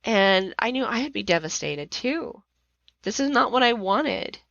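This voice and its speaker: A woman's voice: on the high side, big pitch swings, measured pace, no echo, highs cut off. A middle-aged woman hosting a podcast, telling a personal story with strong emotion and reliving her anger in raised outbursts. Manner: emotional, rising to near-shouting when reliving anger. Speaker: podcast host.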